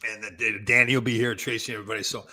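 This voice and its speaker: A man's voice: lowish voice, little pitch movement, rapid-fire, pushed and bright. A middle-aged man from Canada hosting a casual show, rambling and correcting himself as he hunts for names. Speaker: show host, former hockey player. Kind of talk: casual live show chat.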